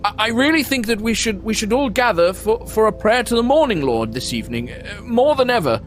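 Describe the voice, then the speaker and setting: A man voicing a timid, stammering village priest who pleads through a door in a high, strained voice. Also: sing-song, a little fast, a bit bright, slight background noise. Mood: anxious pleading.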